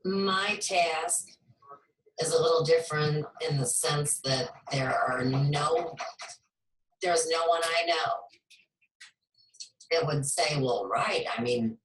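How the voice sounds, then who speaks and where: A woman hosting a spiritual talk show, speaking in a slow, measured, reflective way. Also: deep voice, slight background noise. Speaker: host. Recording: echoey room, far from mic.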